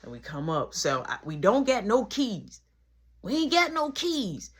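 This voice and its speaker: A young adult woman telling a story from her life in a casual, slangy, animated way. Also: medium pitch, measured pace, slightly rough. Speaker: vlogger.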